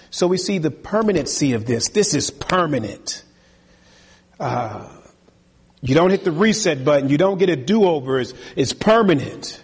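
A man's voice: a little high, very animated, normal speed, husky, big-room sound. A male pastor delivering an earnest sermon full of repeated rhetorical questions, in a church.

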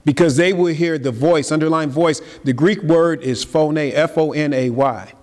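In a large hall with long reverb, a male pastor delivers his sermon at a moderate pace. He peppers the congregation with rhetorical questions, alternating booming high emphasis with hushed low asides.

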